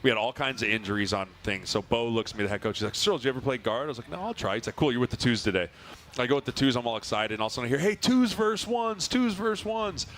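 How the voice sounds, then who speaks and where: Brief: quick, bright-toned male co-host, animated storyteller, live outdoor show with faint crowd noise. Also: medium pitch. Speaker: podcast co-host, former lineman. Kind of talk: casual chat at a live show. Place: outdoor fair stage. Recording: live event with faint ambience.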